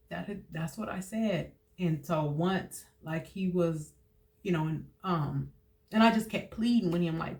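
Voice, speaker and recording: A young woman speaks in a personal testimony monologue. She talks haltingly, with frequent fillers and restarts. Her emotion shows as her voice drops at times. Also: lowish voice, vocal fry. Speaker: host sharing personal testimony.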